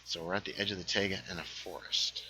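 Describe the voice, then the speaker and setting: A man hosting a casual gaming livestream, chatting while he plays, reading viewer comments aloud and sometimes dropping into hushed asides. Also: low voice, quick pace, husky, low-quality recording. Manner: lively, reads chat aloud, drops into hushed asides.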